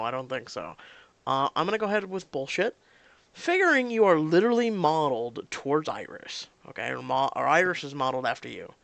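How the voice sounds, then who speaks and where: Ranting game vlogger with a swinging pitch and gravelly fry, casual and exasperated. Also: no echo. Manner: animated, exasperated, swears freely. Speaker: mobile game recap vlogger.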